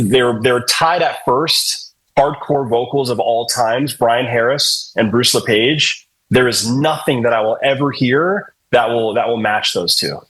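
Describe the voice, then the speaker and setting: A man's voice: medium pitch, fairly bright tone, husky, rough recording. A middle-aged man, a hardcore singer, telling loose, profane, joking stories as a podcast guest. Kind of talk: casual storytelling interview.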